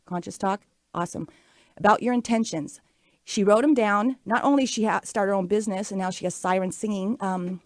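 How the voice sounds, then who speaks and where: A woman's voice: medium pitch, a little mellow, no room sound. A woman in her late forties hosting a talk show, telling stories in a chatty, upbeat way with many fillers. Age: 40s. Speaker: radio show host. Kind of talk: casual talk show monologue.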